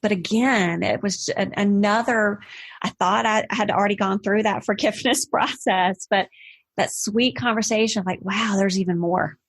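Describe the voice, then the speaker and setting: A woman's voice: mid-range voice, fairly even intonation, moderate pace, breathy edge. A woman in her forties, a podcast guest, talking in an earnest, reflective way in a casual interview conversation. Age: 40s.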